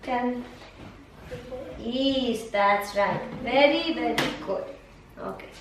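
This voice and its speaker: A patient woman teacher with a high voice speaks slowly, coaxing a young student through a one-on-one map-reading lesson with repeated questions and praise. She sounds distant, in a very echoey room with a faint background hiss.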